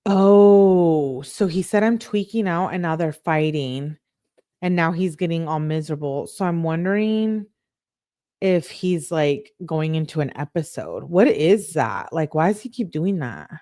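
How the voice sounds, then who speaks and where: A woman with a fairly low voice reads a string of text messages aloud, stopping often to react in her own words. The sound is close and dry, with no room behind her. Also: lively intonation, dark tone, dry recording. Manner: reads quotes then breaks in with quick reactions. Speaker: online true-crime show host. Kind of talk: reading text messages aloud with live commentary.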